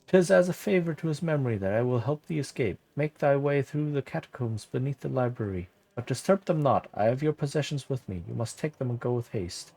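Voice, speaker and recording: A man voicing a kindly old monk who protects a young ward, reading the old-fashioned dialogue aloud softly. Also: medium pitch, lively intonation, brisk, creaky, few pauses. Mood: gentle.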